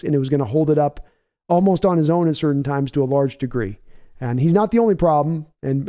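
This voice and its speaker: A man's voice: fairly high pitch, mellow. A man hosting a live game reaction stream, giving opinionated, rambling analysis and reading viewer chat aloud to answer it conversationally. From United States. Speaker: livestream host.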